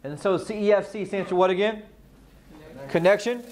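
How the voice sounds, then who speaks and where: This man runs a live sales training and repeatedly peppers his audience with questions. His pitch is high for a man, his pace is normal, and his delivery carries forceful, energetic stress.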